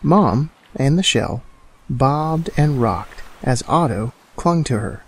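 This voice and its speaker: A man narrating a children's bedtime story in a slow, calm and soothing way. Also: mid-range voice, breathy edge. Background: soft music.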